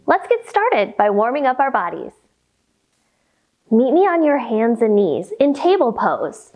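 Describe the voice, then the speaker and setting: A woman's voice: on the high side, big pitch swings, unhurried, darkish tone. A woman teaching yoga to children, giving playful sing-song instructions during a storytime. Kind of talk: guiding a kids' yoga storytime.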